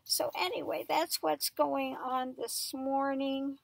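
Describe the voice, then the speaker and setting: A tarot reader, a woman, chatting casually at home in a rambling way and cooing softly to her dog in between. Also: sits high, fairly even intonation, takes it slowly, creaky. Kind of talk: casual chat.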